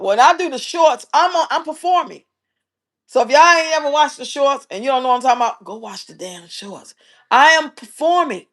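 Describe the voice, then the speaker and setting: A middle-aged woman hosts her own livestream, talking straight to her viewers in a lively, playful way. Her voice sits a little high for a woman, and she chats loosely, answering comments as they come in. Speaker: livestream host. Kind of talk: casual livestream chat reading comments.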